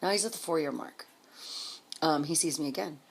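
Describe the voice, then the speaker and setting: Woman vlogger, low raspy voice, profane and fast-talking storyteller. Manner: blunt, heavy swearing; rapid, emphatic delivery. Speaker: vlogger telling a life story. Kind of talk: casual storytelling.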